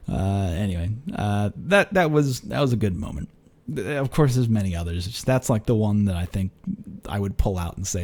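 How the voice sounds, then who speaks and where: A man's voice: animated, moderate pace, a little mellow. A young man hosting a podcast, telling a story in a rambling, filler-heavy way with restarts, casual swearing and laughter. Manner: laughs and jumps in pitch when acting out quoted exchanges. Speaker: podcast host.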